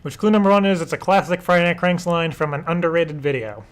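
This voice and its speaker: A man's voice: fairly high pitch, fast talker. Nervous young man hosting a live stream. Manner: nervous, swearing, laughing often. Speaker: live show host. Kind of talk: casual live-stream chat.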